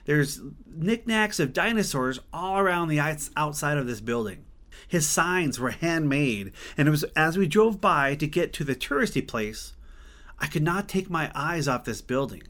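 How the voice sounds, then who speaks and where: A Montana man shares a personal story in an earnest, conversational way, frequently restarting words to correct himself. His voice sits a little higher than most men's, sounding animated and a bit bright at a moderate pace.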